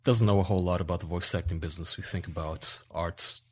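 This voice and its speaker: Co-host, male, low voice, quick and jokey with his questions. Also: steady tone, breathy edge. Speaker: podcast co-host. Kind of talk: casual podcast chat.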